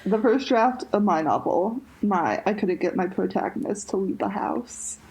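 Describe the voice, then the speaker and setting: A woman's voice: medium pitch, lively intonation, normal speed, darkish tone, poor audio. A young woman co-hosting a podcast in casual chat, rambling with lots of fillers and restarts. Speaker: podcast co-host.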